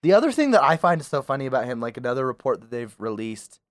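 A man's voice: mid-range voice, very animated, fast talker, no room sound, clean studio sound. A man co-hosting a casual chat, laid-back and loose with lots of fillers. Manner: laid-back, says "like" often. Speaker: podcast co-host.

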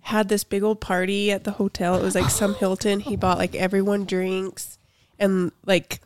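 A woman's voice: mid-range voice, little pitch movement, moderate pace, slight background noise. Rambling chatty woman co-host. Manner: rambling storyteller, many "like" fillers. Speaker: podcast co-host. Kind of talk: casual chat.

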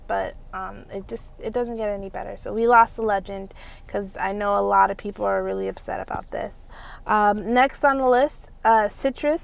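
A woman's voice: mid-range voice, gravelly. A young woman hosting a podcast, rambling and enthusiastic as she runs through a casual news roundup. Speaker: podcast host.

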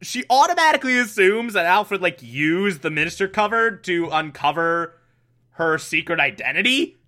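A man recaps an episode in a loose, rambling way, full of sarcastic asides. His voice is bright and sharp. It sits a little higher than most men's. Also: animated, normal speed. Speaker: show recapper. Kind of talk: casual recap.

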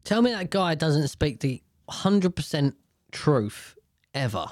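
A man's voice: fairly high pitch, very animated, takes it slowly, darkish tone, no room sound, clean studio sound. A man hosting a podcast, giving blunt, outspoken casual commentary and swearing freely. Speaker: podcast host.

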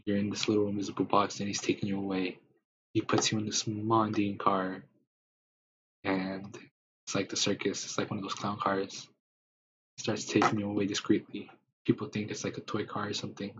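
A man with a low, flat voice improvises a rambling tale in the second person, full of fillers. The recording is dull and lo-fi, with a faint hiss under it. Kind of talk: improvised spoken story.

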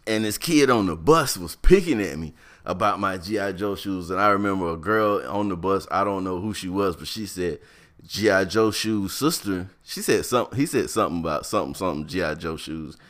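Speaking fairly quickly, a man shares a childhood story in an animated, slang-filled, casual style. He mimics the other characters with high put-on voices.

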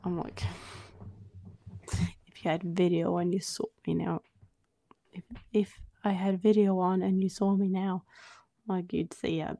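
A woman's voice: fairly low pitch, level tone, unhurried, gravelly, long pauses, warm tone, no echo. A woman co-hosting a podcast, telling a story in casual chat, with lots of "like"s as she acts out the quoted dialogue. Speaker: podcast co-host.

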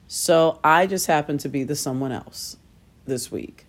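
A middle-aged woman hosts a casual solo storytelling podcast in a low-pitched voice at a measured pace. She pokes fun at herself, laughs at her own expense, and acts out quoted voices.

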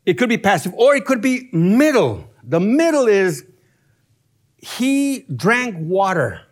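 A man teaching from scripture in an expository sermon, animated and chuckling as he explains grammar step by step. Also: sits high. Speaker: Bible teacher.

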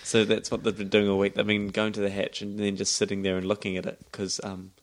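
A man's voice: lowish voice, monotone. A man co-hosting a podcast, chatting casually and laughing as he recaps a TV episode. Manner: laughs often, quick back-and-forth banter. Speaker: podcast co-host.

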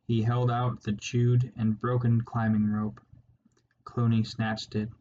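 Guy reading a storybook aloud, slow and steady, kinda muffled with a bit of hiss. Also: fairly low pitch. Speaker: narrator. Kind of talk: audiobook narration. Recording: slightly muffled with faint hiss.

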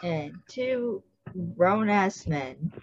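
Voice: mid-range voice, expressive, very slow, muffled recording. A podcast host giving a casual, chatty recap of a TV episode, full of fillers and acted-out quotes.

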